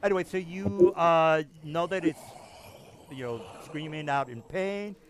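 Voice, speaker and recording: A man running a tabletop game as game master, talking in halting runs with lots of fillers and restarts. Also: fairly high pitch, crowd noise. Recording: noisy online voice chat.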